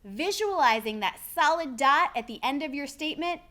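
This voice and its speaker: A woman, an executive speaker coach, giving a clear, deliberate lesson on how to speak with confidence. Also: high voice, lively intonation, sharp tone. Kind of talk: instructional video presentation.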